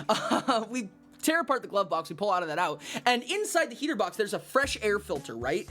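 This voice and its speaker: A man telling a story in casual stream chat, animated and profane, with lots of exclamations. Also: high-pitched. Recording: faint music in background.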